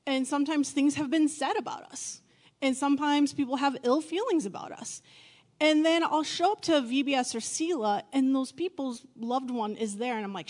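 A middle-aged woman pastor giving a sermon in a candid, conversational way, with quick self-deprecating asides. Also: high voice, a little mellow.

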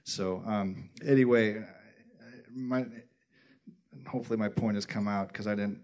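A man speaking in a halting, rambling way in a casual church group discussion, often restarting his sentences. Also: on the low side, fairly even intonation, darkish tone.

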